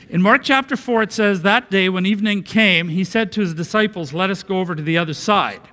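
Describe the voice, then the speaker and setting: A man preaching a sermon in a church, expressive and dropping to a hush for quoted words. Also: sits high, brisk, few pauses, in a large hall. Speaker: pastor.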